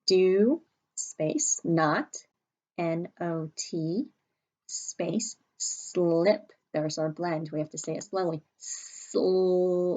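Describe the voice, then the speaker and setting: Woman, teacher, spelling lesson, slow, lowish voice, sounds out each letter. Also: dark tone. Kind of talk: early-grade spelling lesson.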